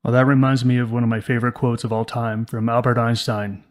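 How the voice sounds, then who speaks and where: A man's voice: mid-range voice, little pitch movement, quick pace. A man co-hosting a casual podcast conversation, speaking emphatically and acting out quoted thoughts. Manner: emphatic, acts out quoted inner voices. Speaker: podcast co-host.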